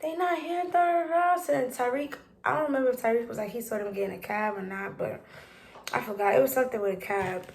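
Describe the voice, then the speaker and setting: A young adult woman from New City, casually telling a rambling, animated story to her vlog viewers. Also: on the high side, quick pace, creaky. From New York City. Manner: animated, rambling retelling with quoted dialogue. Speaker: vlogger.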